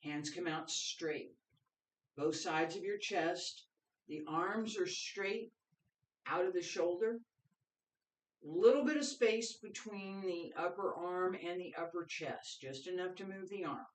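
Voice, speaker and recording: A qigong instructor leading a guided movement class, giving calm, step-by-step breathing cues. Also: medium pitch, takes it slowly. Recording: roomy echo, voice picked up from a distance.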